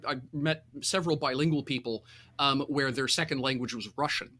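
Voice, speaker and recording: A man acting as game master in a casual online tabletop session, rambling and restarting often, quick to laugh. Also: medium pitch, steady tone, pushed and bright. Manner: rambling, self-interrupting, laughs easily.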